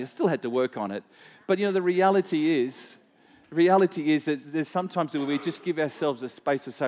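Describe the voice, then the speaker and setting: A man's voice: a little high, a little fast, a little mellow. A man preaching a sermon as pastor, conversational, telling personal stories and asking the congregation questions. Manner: personal anecdotes, frequent repeats and fillers.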